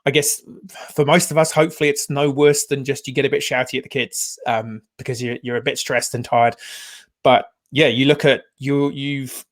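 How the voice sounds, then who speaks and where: Chatty male podcast host. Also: mid-range voice. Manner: animated, rambling storyteller with frequent restarts. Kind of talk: casual podcast conversation.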